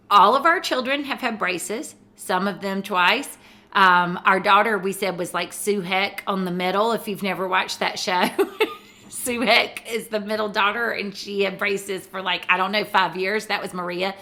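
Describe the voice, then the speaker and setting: Woman, Southern drawl, middle-aged, bright tone, podcast co-host, rambling chatty talk. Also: medium pitch, measured pace. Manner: chatty, rambling, many "like" fillers. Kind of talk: casual chat.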